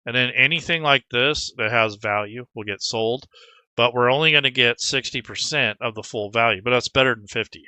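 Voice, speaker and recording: A man's voice: medium pitch, brisk, sharp tone, clear, resonant tone, no room sound. A man talking casually through a tabletop game prep tutorial, rambling with frequent restarts as game master. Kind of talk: screen-recorded tutorial.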